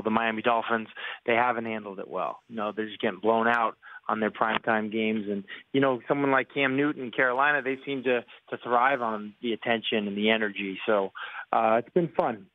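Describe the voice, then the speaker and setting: A man in his forties, a former quarterback, calls in as a guest and breaks down football in a relaxed way, with lots of fillers. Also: lowish voice, brisk, dry recording. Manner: relaxed, filler-heavy analysis. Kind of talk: sports talk interview. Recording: tinny phone line.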